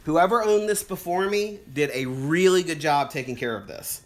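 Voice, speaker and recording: Excitable middle-aged retro computer vlogger. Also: mid-range voice, moderate pace. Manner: excitable, thinks aloud, stumbles over words. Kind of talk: casual unboxing and setup commentary.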